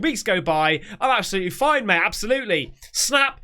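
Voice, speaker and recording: A man hosting a reaction video, swearing and getting loud and panicky as he reacts. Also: sits high, expressive, fairly quick, hardly any pauses. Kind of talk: excited reaction commentary.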